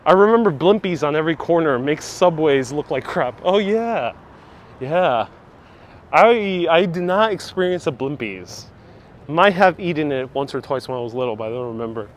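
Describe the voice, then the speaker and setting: A man's voice: on the high side, lively intonation, moderate pace, slight background noise. A man hosting a casual live-stream walking tour outdoors on city streets, chatting away and reading out viewer comments with frequent laughs. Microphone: wireless clip-on mic with phone on gimbal.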